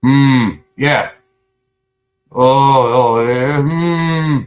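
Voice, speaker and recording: A man's voice: medium pitch, lively intonation, normal speed, long pauses. A man hosting a live stream, angrily and profanely confronting a chat commenter, sarcastic and combative. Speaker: livestream host.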